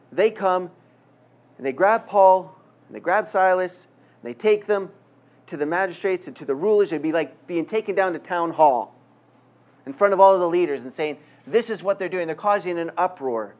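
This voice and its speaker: A man preaching a sermon, reading scripture slowly and emphatically, with humorous asides. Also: sits high. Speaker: pastor.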